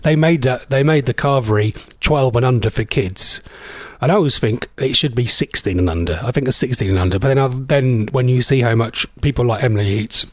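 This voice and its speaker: A man's voice: mid-range voice, brisk, dry recording. A tired man hosting a local radio show, chatting casually and rambling while reading out listener messages. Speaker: radio host. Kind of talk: casual chat between songs.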